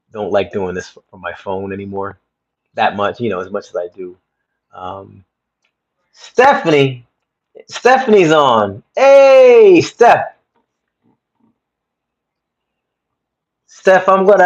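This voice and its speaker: A man hosting a casual livestream from his phone at home, chatting to viewers in a rambling way and repeating himself. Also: medium pitch. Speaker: livestream host. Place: home room. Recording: slightly dull phone audio.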